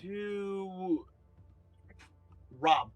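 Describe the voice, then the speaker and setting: A man's voice: high-pitched, extremely slow, no echo, soft background music. A man playing a tabletop game, laying out tactics in a laid-back, casual way. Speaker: player.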